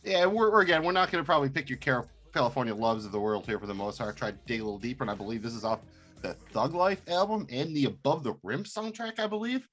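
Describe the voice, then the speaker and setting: A man's voice: medium pitch, fast, faint music behind. Laid-back man co-hosting a podcast. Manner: relaxed, rambling, lots of fillers. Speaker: podcast co-host. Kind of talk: casual podcast chat.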